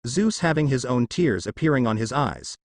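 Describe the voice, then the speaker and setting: A man narrates a fan-fiction story with a lively, rising-and-falling delivery. He reads every character in his own voice, close to a dry mic. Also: mid-range voice, moderate pace, no echo. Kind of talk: fan fiction read-aloud.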